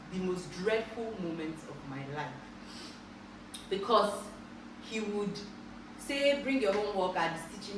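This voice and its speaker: A young Nigerian woman with a fairly low speaking voice, recorded far from the mic in a very echoey room with a steady background noise. She tells stories casually, laughs often and jumps into high, excited exclamations. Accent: Nigerian English. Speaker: vlogger. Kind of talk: casual storytelling.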